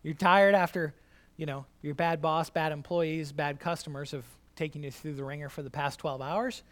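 A man preaching a sermon, animated and conversational, repeating his key line to the congregation. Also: on the high side, normal speed. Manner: conversational, many restarts and asides. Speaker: pastor.

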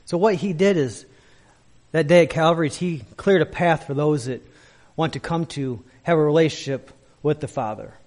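A man's voice: fairly high pitch, measured pace, vocal fry, pauses often, a little mellow. A man, a pastor in his thirties or forties, preaching a sermon that runs through a long personal story, acting out the people he quotes and often repeating or restarting words.

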